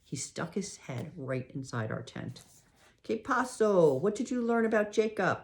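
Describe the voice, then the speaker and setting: Woman doing a kindly cafe owner man, fatherly, earnest, gentle, fairly low voice. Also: animated, a little slow, creaky. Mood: worried.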